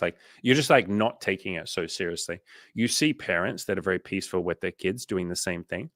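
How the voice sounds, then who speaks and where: A man's voice: low-pitched, a little fast, fairly bright tone, no room sound, studio quality. A young Australian man coaching casually on a livestream, swearing freely and acting out inner voices as he talks.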